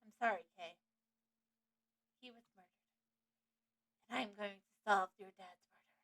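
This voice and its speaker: A woman streamer voicing a stiff, earnest male prosecutor in a formal, measured and slightly dramatic way. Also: medium pitch, fairly bright tone, natural voice. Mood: solemn. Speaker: streamer voicing game dialogue.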